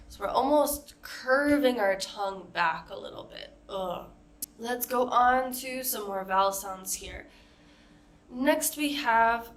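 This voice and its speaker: A woman's voice: a little high, fairly bright tone. A woman coaching pronunciation, patiently modeling vowel sounds and example words one at a time. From United States. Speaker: accent coach. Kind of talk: pronunciation lesson.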